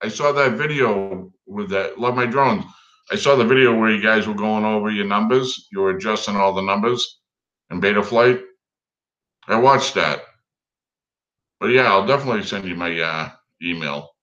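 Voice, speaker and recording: A man's voice: on the low side, normal speed, a bit bright, lo-fi sound. A man co-hosting a casual live stream, goofing around with silly animal calls and impressions.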